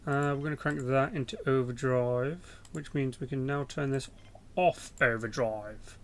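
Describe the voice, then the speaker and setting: A man's voice: medium pitch, measured pace. A young man with an English accent, rambling and swearing through casual game commentary. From England. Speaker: gaming YouTuber.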